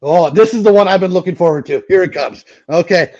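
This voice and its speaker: A man's voice: high voice, fairly quick, a little mellow, highs cut off. A man co-hosting a casual livestream chat, joking and laughing often. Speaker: co-host.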